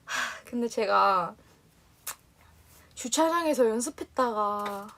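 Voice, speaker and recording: Young woman, livestream host: high-pitched, fast-talking, giggly rambler who acts out everyone's lines. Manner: animated and giggly, rambling with restarts; acts out other people's lines in quotes. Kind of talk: casual storytelling to fans.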